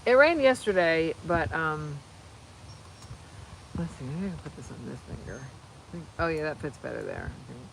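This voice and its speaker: A woman hosting a casual livestream on her phone while crafting, rambling and excitable, often breaking off mid-sentence. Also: low voice, normal speed, vocal fry, long pauses, background noise. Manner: rambling, excitable, self-interrupting. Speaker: channel host.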